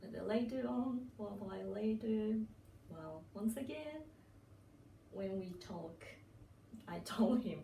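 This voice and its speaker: A woman with a Japanese accent telling stories in an easygoing vlog, pausing often and laughing lightly between thoughts. She speaks slowly, set back from the mic in a roomy space, with faint ambience behind her. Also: fairly high pitch, animated, vocal fry, mellow, far from the mic, a little hiss or hum. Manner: unhurried, many pauses and fillers, frequent laughs. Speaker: channel host. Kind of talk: casual storytelling vlog.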